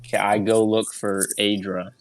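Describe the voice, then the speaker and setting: A man playing in an online tabletop game, playful and quick to protest. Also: on the low side, level tone, faint music behind. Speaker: player. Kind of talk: casual tabletop play.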